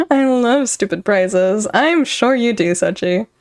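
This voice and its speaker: A woman's voice: fairly high pitch, big pitch swings, slow pace. Giggly, chatty young woman streamer. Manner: giggly, laughs often, rambling. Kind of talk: casual chat with live chat.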